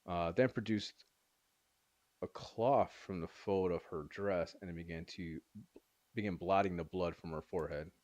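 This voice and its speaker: A man reading a novel aloud in a halting way, stopping to correct misread words. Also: sits low, a little mellow, no echo, lo-fi sound. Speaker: reader.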